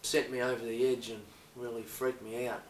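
Man, low voice, halting confessional delivery, roomy echo with faint background noise. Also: flat delivery. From Australia. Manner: hesitant, halting, full of fillers. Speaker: improvising actor. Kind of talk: improvised confessional monologue. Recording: echoey room, voice distant from the mic.

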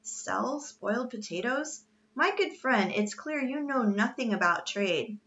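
A woman's voice: a little high, expressive, a little slow, a bit bright, dull audio, pitched above the performer's own voice. A woman voicing a heavy, fretful male Yankee trader who wails and complains in a storybook reading. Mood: scoffing. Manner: wailing, complaining.

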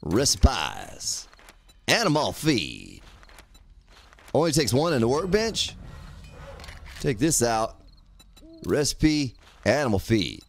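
A man's voice: mid-range voice, huge pitch swings, takes it slowly, creaky, pauses often. A man casually commenting on his own gameplay on a live stream, talking to himself, swearing lightly, and thanking viewers by name. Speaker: game streamer.

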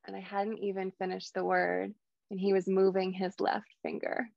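Woman in her 30s telling her story on a call, lively, acts out the quotes, dry dull sound. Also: mid-range voice, moderate pace, creaky, no room sound. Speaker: guest speaker, hypnotherapist. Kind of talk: storytelling talk on a video call.

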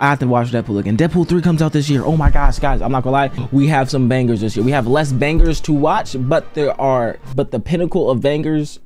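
A man hosting a reaction video, talking casually and excitably to his viewers, rambling between points. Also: mid-range voice.

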